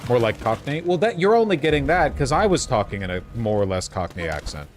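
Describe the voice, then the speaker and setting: A man's voice: medium pitch, sing-song, brisk, slight background noise. A man streaming a video game, giving casual, sarcastic, joking commentary as he plays. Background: game music.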